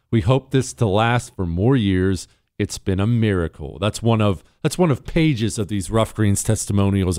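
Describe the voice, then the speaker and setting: Animated talk radio host, man. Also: medium pitch, no echo, studio quality. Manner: animated, mocking, rhetorical questions.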